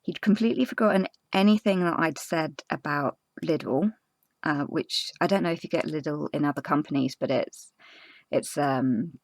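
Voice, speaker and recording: A woman's voice: low voice, no echo. Woman telling a story, dry sound. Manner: earnest, halting retelling with many fillers and restarts. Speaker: crafting vlogger. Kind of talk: casual storytelling chat.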